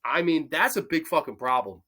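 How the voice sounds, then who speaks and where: A young man hosts a football picks show, his fairly high, husky voice sharp-toned with lively intonation at normal speed. His casual sports betting commentary is full of swearing. He launches into passionate, profane rants.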